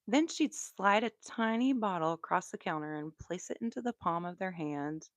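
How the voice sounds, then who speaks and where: A woman with a Southern American accent telling true crime stories on a live stream in a relaxed, chatty way, with asides. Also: lowish voice, normal speed, no echo. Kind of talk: live storytelling.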